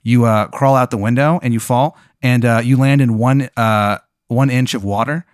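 A man's voice: mid-range voice, steady tone, moderate pace, dry recording, studio quality. A man hosting, improvising a comic second-person story with a rambling, filler-heavy delivery. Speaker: host.

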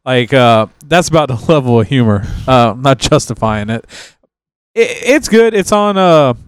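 A man's voice: medium pitch, unhurried, smooth, no echo. A man co-hosting a podcast, chatting casually with friends and rambling loosely with lots of restarts. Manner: rambling, relaxed, with many restarts and trailing sentences. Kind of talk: casual chat.

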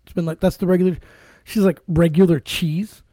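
A man's voice: sits high, brisk, dry recording, studio quality. A man co-hosting a podcast, telling funny stories in casual chat with lots of swearing. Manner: animated storytelling, heavy swearing. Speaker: podcast co-host.

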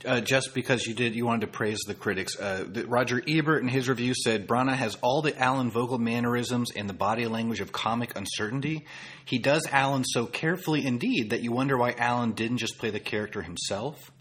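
A man with a husky, slightly breathy voice co-hosts a casual film podcast. He talks thoughtfully, restarts his sentences often, and reads critics' reviews aloud. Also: mid-range voice, a little fast, a bit bright. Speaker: podcast co-host.

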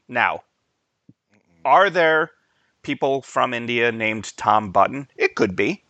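A man's voice: medium pitch, slow pace, no room sound. A man co-hosting a podcast, telling stories in casual chat and laughing often. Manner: animated storyteller, laughs often. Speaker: podcast co-host.

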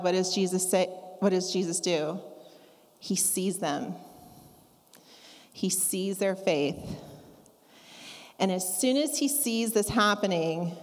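A woman preaching a sermon, talking conversationally and acting out scripture quotes with lively asides. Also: medium pitch. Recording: long reverb of a large hall.

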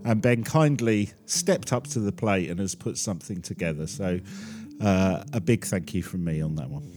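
A man's voice: low-pitched, normal speed, darkish tone, soft background music. A man co-hosting a podcast, chatting in a friendly, eager way. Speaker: podcast co-host. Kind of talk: casual chat.

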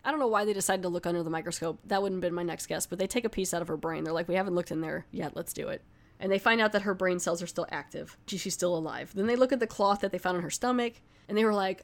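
A woman's voice: mid-range voice, fast. Woman, movie reviewer, casual plot recap, rambling, filler-heavy. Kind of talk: casual spoken film recap.

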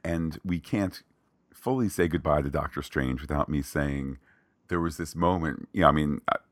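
Very deep-voiced man, opinionated podcast host. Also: normal speed, dry recording. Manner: opinionated, animated, playful asides. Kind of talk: casual film discussion.

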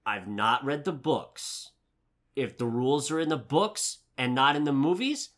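A man co-hosting a movie review show, ranting loudly and cursing. His pitch swings widely, and his voice is bright and forceful. He keeps dropping into mocking voices. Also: big pitch swings, moderate pace. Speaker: movie review podcast co-host. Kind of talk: casual chat.

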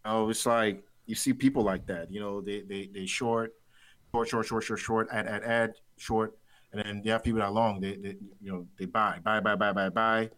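A trader being interviewed tells a rambling, casual story about trading, repeating words and laughing easily. His voice is fairly low and a bit bright, with a flat delivery at normal speed.

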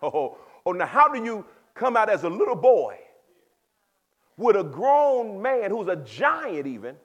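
A man with a very high voice preaches to a youth group. He leans into casual speech and calls out listeners by name. He swings from loud exhortation to quiet, plain explanation. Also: big pitch swings, a little slow, highs cut off. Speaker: pastor. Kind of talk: sermon to youth.

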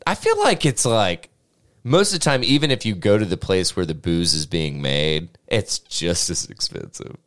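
Lively, resonant man bantering casually. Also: sits low, normal speed. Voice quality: lively, swearing, laughs often. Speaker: podcast co-host reading news stories.

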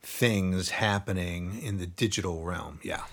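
Affirming male interview host. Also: deep voice. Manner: warmly affirming, quick to agree and laugh along. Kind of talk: casual interview talk.

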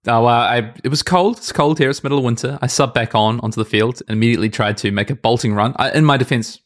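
Fast-talking young man co-hosting a podcast. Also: mid-range voice. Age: young adult. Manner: quick, chatty, lots of fillers. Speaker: podcast co-host. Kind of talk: casual podcast chat.

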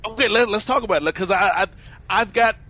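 Bright-voiced man hosting a lo-fi podcast. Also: high-pitched, fairly quick. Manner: conversational, addresses co-host by name. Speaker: podcast host. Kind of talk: casual podcast discussion.

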